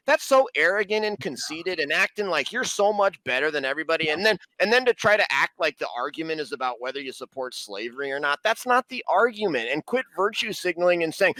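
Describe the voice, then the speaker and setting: A man's voice: high voice, lively intonation, brisk, few pauses, sharp tone, no room sound, low-quality recording. A man from the Mountain West arguing indignantly and emphatically in a heated political debate, repeating words when pressed. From Mountain West, United States. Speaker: debate panelist.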